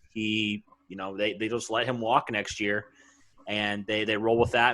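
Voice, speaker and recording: A man guesting on a sports podcast, giving a steady analysis with some fillers. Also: mid-range voice. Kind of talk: casual sports podcast talk.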